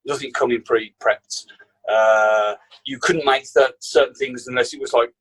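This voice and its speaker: Husky Birmingham man telling stories. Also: medium pitch, a little slow, low-quality recording. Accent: Birmingham English. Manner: animated anecdote teller, acts out quotes. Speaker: chef guest. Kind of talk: casual storytelling.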